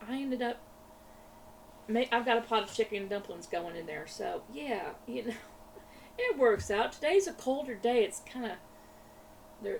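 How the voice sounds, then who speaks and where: A woman's voice: medium pitch, darkish tone. A woman, chatting in a rambling way while she crafts, often laughing and repeating her words. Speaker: craft vlogger. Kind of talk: casual chat while crafting. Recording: slightly distant mic with faint room noise.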